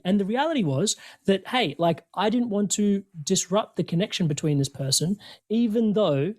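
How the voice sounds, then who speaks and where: A man, talking as a podcast guest in an energetic, animated way, acting out quoted dialogue. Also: high-pitched, normal speed. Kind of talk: conversational coaching talk.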